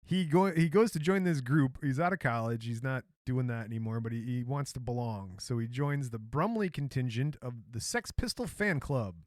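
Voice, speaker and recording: A man's voice: mid-range voice, lively intonation, normal speed, hardly any pauses, a little mellow, dry recording, studio quality. A man from Michigan co-hosting a podcast, telling a story in a casual, joking way. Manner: joking, storytelling, laughs often. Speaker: podcast co-host.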